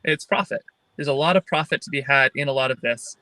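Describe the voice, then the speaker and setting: A young man on a video call, an earnest filmmaker thinking aloud in a halting way during a livestream Q&A. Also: medium pitch, bright, forceful tone, no echo, low-quality recording. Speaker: filmmaker guest.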